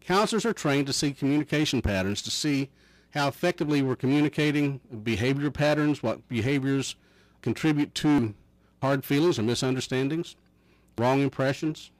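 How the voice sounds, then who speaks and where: A middle-aged man, a counselor, talking in a folksy, measured way and telling anecdotes. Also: mid-range voice, dry recording, low-quality recording. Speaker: counselor guest. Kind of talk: casual chat.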